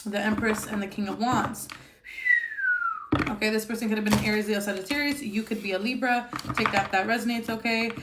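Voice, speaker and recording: A woman's voice: mid-range voice, fairly even intonation, brisk, heavy background noise. A woman giving a casual tarot reading, blunt and emphatic, swearing freely and using lots of fillers. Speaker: tarot reader. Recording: echoey room.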